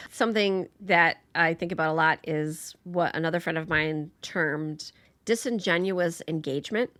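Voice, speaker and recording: Low-voiced woman, chatty and laughing. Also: moderate pace, a bit bright, no room sound. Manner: laughs often, many restarts and fillers. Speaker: podcast guest, patient advocate. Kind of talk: casual conversation.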